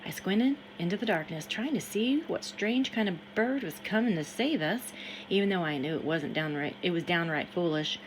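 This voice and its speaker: A woman narrating a novel in first person, steady and measured. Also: lowish voice, a little hiss or hum, rough recording. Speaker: audiobook reader.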